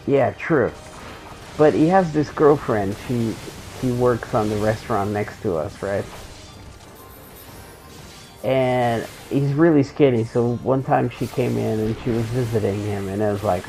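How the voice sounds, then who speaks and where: Gravelly-voiced man telling rambling jokes. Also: mid-range voice, measured pace, over music, rough recording. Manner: rambling joking anecdotes, loose and profane. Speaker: game streamer. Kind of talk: casual storytelling while gaming.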